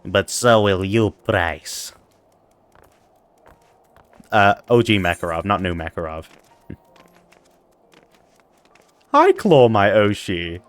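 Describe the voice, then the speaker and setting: A man's voice: on the low side, big pitch swings, takes it slowly, pauses often. Playful chatty male streamer. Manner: playful, chatty, greets viewers. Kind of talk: casual live-stream chat.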